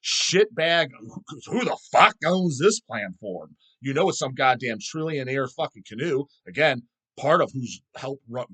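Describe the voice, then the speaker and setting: A man's voice: mid-range voice, fairly bright tone, slightly rough. A man hosting his own video channel, ranting and swearing constantly in a mocking, scornful way. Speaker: channel host. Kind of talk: profane rant vlog.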